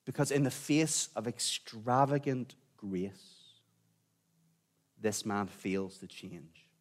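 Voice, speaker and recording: A man preaching a sermon in a conversational way, sometimes dropping to a quiet, intense tone. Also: lowish voice, slow. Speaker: pastor.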